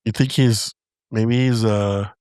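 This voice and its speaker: A man's voice: fairly low pitch, steady tone, slow, darkish tone, no echo, studio quality. A young man from Southern California hosting a casual podcast, telling stories, laughing often and slipping into quoted voices. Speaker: podcast host.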